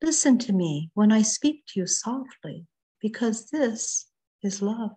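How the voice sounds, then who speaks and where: A woman reading her own poems over a video call in a slow, measured way. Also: a little high, animated, breathy edge. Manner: slow, measured, softly rising and falling reading. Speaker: poet reading her work.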